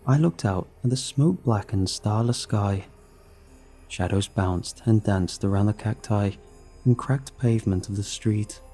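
Low, dark-voiced man narrating horror. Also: unhurried. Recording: narration with faint music underneath.

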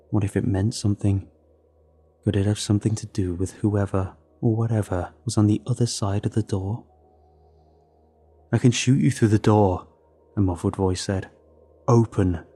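Slow, deep-voiced man narrating a horror story. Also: mellow, breathy edge. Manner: measured, low-key storytelling. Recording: faint music under the voice.

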